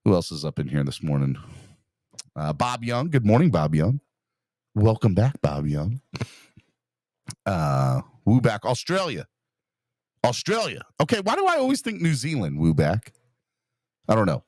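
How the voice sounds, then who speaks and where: Upbeat male podcast host, deep voice with lots of swing, reading out chat names. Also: huge pitch swings, unhurried, pauses often, a little mellow, no room sound, studio quality. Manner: upbeat, greets chat viewers by name. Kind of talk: casual live-stream chat.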